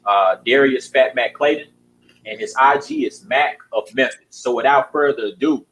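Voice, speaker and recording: A man's voice: mid-range voice, moderate pace, a little hiss or hum, rough recording. Chill guy hosting a poetry showcase, lots of uh's, easygoing. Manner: relaxed, with frequent "uh" fillers. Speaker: host. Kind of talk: event hosting introductions.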